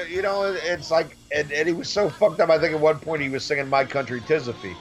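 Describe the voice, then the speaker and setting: A middle-aged man talking casually with a lively, swooping voice that sits a bit high for a man. He speaks animatedly and swears freely, with faint music under the conversation. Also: moderate pace. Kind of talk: casual chat.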